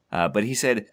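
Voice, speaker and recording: A man's voice: fairly low pitch, a bit bright. A man co-hosting a casual podcast, rambling along with stammered restarts and little chuckles. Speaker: podcast co-host.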